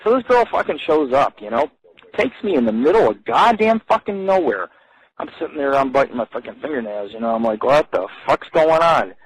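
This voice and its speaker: A man's voice: mid-range voice, big pitch swings, brisk, husky, dry recording, rough recording. A man hosting a live radio show, telling crude, rambling stories full of swearing. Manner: profane, swears constantly, rambling.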